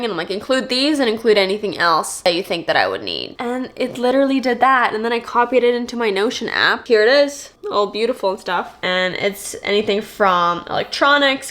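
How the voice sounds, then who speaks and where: A young woman chatting casually to camera in a packing vlog, playful and quick to laugh, recorded at home. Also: medium pitch, fairly bright tone. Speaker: vlogger.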